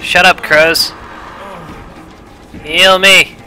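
A young man streaming a horror game, swearing and shouting in panic as he plays. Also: high-pitched, flat delivery, very slow, soft background music, low-quality recording. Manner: loud, panicky, swearing, shouts and trash-talks while playing. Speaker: gamer streamer. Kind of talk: live horror game commentary.

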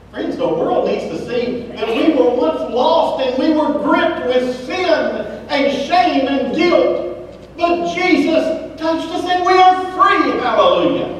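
A man preaching a sermon as a pastor, with emphatic swings between loud exclamations and hushed low lines. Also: slight background noise. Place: church sanctuary. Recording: echoey hall, voice from far off.

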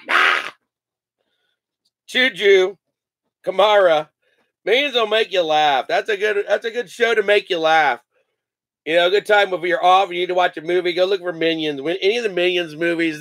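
A man's voice: high-pitched, a little fast, fairly bright tone, no echo. A man hosting a live sports card break, joking, laughing and rattling off player names as he opens packs. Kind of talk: casual live card-opening chat.

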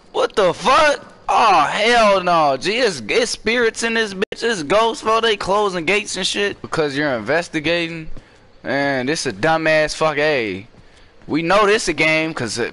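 Young guy yelling and cussing through a scary game, high bright voice, jumps all over the place. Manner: profane, excitable, jumpy with screams. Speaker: gaming streamer. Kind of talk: horror gameplay commentary.

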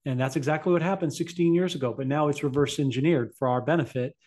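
A man's voice: fairly high pitch, quick pace, darkish tone. Easygoing male host, casual chat. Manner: easygoing, confident predictions.

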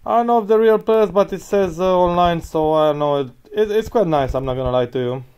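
A man giving casual, crude gameplay commentary, breaking into loud hype shouts. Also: high voice, brisk, clean tone, rough recording. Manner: crude, excitable, yells hype callouts.

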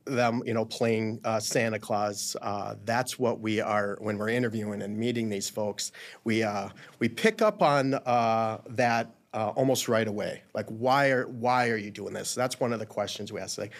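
A man's voice: lowish voice, normal speed. A man who co-owns a photo studio, talking casually in an interview with many fillers and restarts. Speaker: business co-owner.

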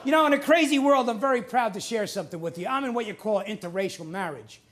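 High-voiced New stand-up comic. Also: male voice, fast talker, a bit bright, a little hiss or hum. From New Jersey. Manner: punchy joke delivery with put-on character voices. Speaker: stand-up comedian. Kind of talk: stand-up comedy set. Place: TV studio with live audience.

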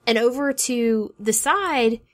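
A young woman chats casually as a podcast co-host, her voice sitting slightly high. She tells stories with eager, animated excitement and jumps into her partner's lines. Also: slow pace. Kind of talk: casual chat.

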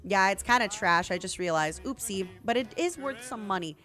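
A young woman streaming a video game, chatting casually with viewers in excitable bursts. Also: mid-range voice, normal speed. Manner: excitable, yelling and laughing bursts. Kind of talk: casual gameplay commentary. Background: game music.

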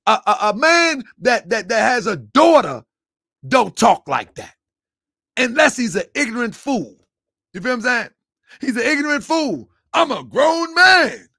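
A man's voice: very high voice, big pitch swings, moderate pace, sharp tone, dry recording, clean studio sound. A man giving a mocking reaction commentary, laughing often and lecturing in a taunting, preachy way. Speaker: online commentator.

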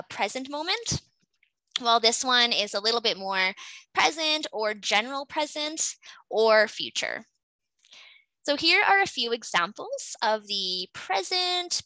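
A woman's voice: on the high side, sharp tone, dry recording, poor audio. A Canadian woman teaching an English class over a video call, patiently explaining grammar and calling on students.

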